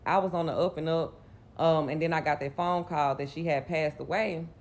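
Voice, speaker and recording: A woman's voice: low-pitched, steady tone, normal speed. A Southern US woman from Mississippi in her late twenties, telling a personal story in a candid, rambling way. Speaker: vlogger.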